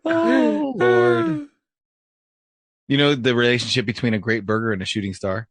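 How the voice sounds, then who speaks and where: A man co-hosting a podcast, telling jokes in casual chat with a deadpan delivery and laughing at his own punchlines. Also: medium pitch, moderate pace, no room sound. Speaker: podcast co-host.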